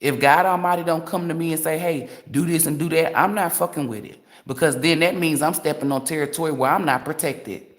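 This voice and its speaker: A woman's voice: low-pitched, a little fast, few pauses. A woman tarot reader delivering a blunt, profane, emphatic rant on a livestream.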